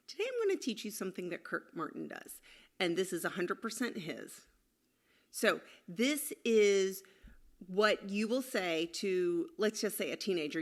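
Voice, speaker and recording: Woman in her forties, parenting coach, casual to-camera advice, plays out kids' back talk. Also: lowish voice. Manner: acts out kids' replies in snippy voices.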